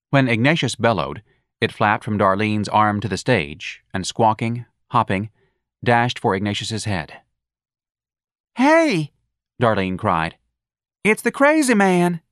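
A man's voice: lowish voice, a bit bright, no room sound, clean studio sound. A man reading a novel aloud as an audiobook narrator, telling the story expressively. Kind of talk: scripted narration.

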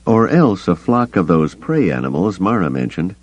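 Man doing a brisk, commanding space captain. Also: sits low, sing-song, no room sound, voice pushed up. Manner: brisk, giving orders. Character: brash male starship captain, decisive leader. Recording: dull lo-fi cassette tape.

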